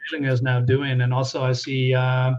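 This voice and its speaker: A man's voice: mid-range voice, completely flat delivery, normal speed, a little mellow. A man co-hosting a live stream, agreeing easily and hesitating over his words, with lots of fillers. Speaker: streamer co-host. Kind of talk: casual live-stream chat. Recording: dull lo-fi audio.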